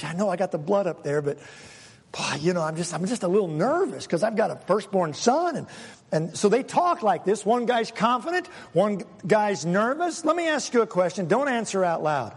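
A man preaching a sermon as pastor, dramatic, acting out quoted voices and swinging between loud and soft. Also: sits high, sing-song, moderate pace, husky, long reverb tail.

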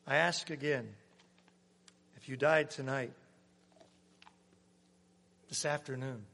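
A man preaching a sermon as pastor, swinging from loud emphasis to hushed, near-whispered lines. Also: medium pitch, takes it slowly, vocal fry, long pauses. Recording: long hall reverb.

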